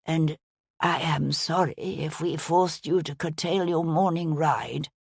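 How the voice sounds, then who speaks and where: Woman playing a frail old clergyman, weak, measured, quiet, audiobook. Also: sits low, gravelly, breathy edge, no echo, studio quality, exaggerated voice. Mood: grave, weary. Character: frail dying elderly archbishop, gentle man.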